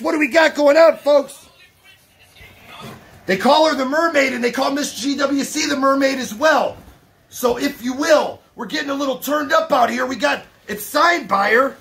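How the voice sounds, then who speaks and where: Hype-man host, man, high bright voice, shouting through an unboxing with faint music behind. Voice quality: loud hype-man delivery with catchphrases. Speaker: collector hosting an unboxing. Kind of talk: hyped unboxing vlog. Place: home collection room.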